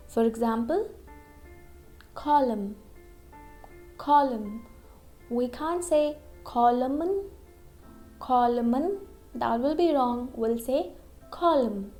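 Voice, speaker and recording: A woman with a high voice explains pronunciation very slowly, saying each example word twice and stopping often to ask "okay?". Soft music plays faintly behind her. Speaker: English pronunciation teacher. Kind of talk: slow, deliberate pronunciation lesson.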